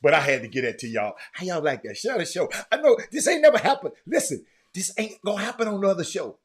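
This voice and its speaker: A middle-aged man hosts a casual live show and talks straight to his viewers. His voice sits high and swings widely up and down. He teases, stacks up repeated words and bursts into shouts. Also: very animated, fast talker, noisy background. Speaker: show host.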